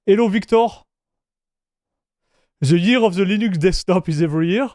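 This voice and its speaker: A man's voice: sits high, animated, moderate pace, long pauses, darkish tone, dry recording, clean studio sound. A man streaming live, chatting casually, greeting viewers and reading their chat messages aloud, often restarting his sentences. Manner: frequent restarts and fillers.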